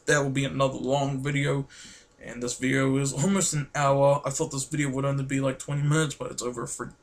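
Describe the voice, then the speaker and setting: A man, vlogging in a casual, rambling and excitable way, full of fillers. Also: a little high. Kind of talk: casual chat to camera.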